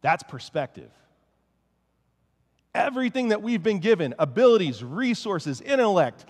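Animated preacher with a slightly high voice. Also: male voice. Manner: casual, joking, animated preaching. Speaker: pastor. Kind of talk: sermon. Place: church sanctuary. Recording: long church-hall reverb.

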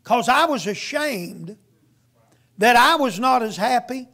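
A man's voice: extremely high pitch, expressive, slow, sharp tone. A man preaching a sermon as a guest preacher, telling a story in a folksy storytelling way.

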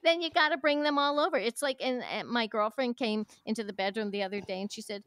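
A woman's voice: on the high side, animated, fairly quick, few pauses, a bit bright, no room sound. An older woman trading casual chat with punchy stand-up comedy timing. She tells jokes in a dry, close-miked voice, slipping into the voices of the people in her stories. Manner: punchy joke delivery, acts out quoted voices. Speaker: comedian guest.

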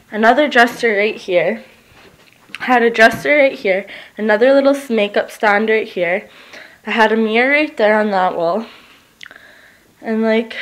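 High-voiced young woman rambling casually. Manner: giggly, swears freely, animated retelling. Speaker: vlogger giving a house tour. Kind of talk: casual rambling vlog tour. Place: empty basement of an old house, indoors.

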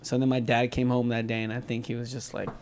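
Young guy from socal, podcast guest, chatty and animated, curses a lot, does everyone's voices when he tells stories. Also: medium pitch, fast talker, a little hiss or hum. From Southern California. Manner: animated, swears freely, acts out quotes. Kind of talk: casual storytelling chat.

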